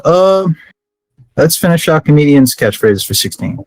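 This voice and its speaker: A man's voice: a little high, very animated, normal speed, no echo. A man playing as a contestant in a casual quiz over a video call, joking and chatting between answers. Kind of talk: casual game banter.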